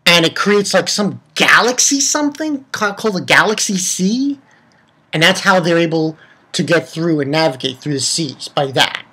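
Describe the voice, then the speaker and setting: Lively, profane young man recapping anime. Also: on the high side, normal speed, husky. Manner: rambling, profane, many restarts. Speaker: anime reviewer. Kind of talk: casual episode recap.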